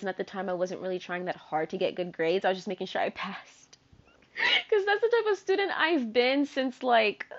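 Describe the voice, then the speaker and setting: Chatty young woman podcaster, lo-fi sound. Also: on the high side. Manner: chatty, animated, filler-heavy with frequent "like". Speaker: podcast host. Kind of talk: casual storytelling monologue. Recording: dull lo-fi sound.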